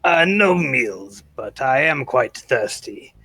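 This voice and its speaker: A man's voice: medium pitch, expressive, pushed and bright, slightly rough, heavily acted. Scorch, a man playing a polite adventurer. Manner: polite, measured.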